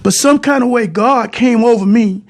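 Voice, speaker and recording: High-voiced man telling a rambling story. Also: moderate pace. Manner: rambling and repetitive, restarting phrases and addressing the audience directly. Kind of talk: personal story told to viewers.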